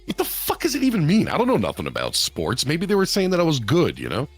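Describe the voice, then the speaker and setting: A man's voice: a little high, wildly swooping pitch, fast, breathy edge, faint music behind. A man from the United States co-hosting a casual live podcast, joking and swearing as he riffs playfully. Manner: joking, profane, playful improvising. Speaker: podcast co-host.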